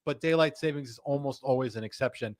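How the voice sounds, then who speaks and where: A man hosting a live studio show, hyped and jokey, swinging between loud calls and quiet asides. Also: medium pitch, quick pace, no echo. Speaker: host.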